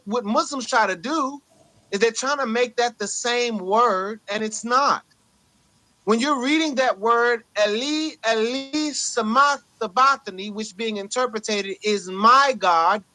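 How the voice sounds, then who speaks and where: Insistent high-voiced man in a debate. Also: bright, forceful tone, no room sound, poor audio. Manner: insistent, repeatedly asks "right?". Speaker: Christian debater. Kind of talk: heated online debate. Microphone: phone mic on audio chat app.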